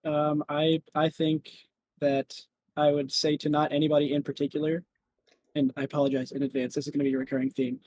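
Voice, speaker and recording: A man playing a tabletop game, speaking in a halting, hesitant way. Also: on the high side, flat delivery, a little mellow, dry recording. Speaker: player.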